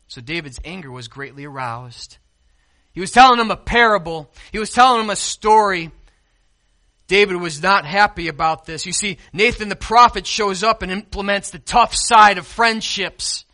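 A pastor delivers a sermon in a high-sitting voice at a moderate pace. He alternates between hushed, quiet passages and loud, emphatic peaks, and he asks the congregation questions.

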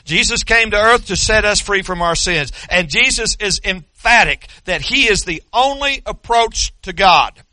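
Emphatic high-voiced male preacher. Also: lively intonation, unhurried, hardly any pauses, bright, forceful tone, dry recording. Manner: emphatic, repetitive preaching cadence. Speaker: pastor. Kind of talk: sermon.

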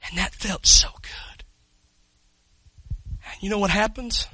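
A man preaching a sermon, telling stories in a hush and then shouting with excitement while calling people up front. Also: high-pitched, unhurried, breathy edge, no echo, low-quality recording. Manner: swings from hushed storytelling to loud excited shouting; talks directly to the congregation, calls people up.

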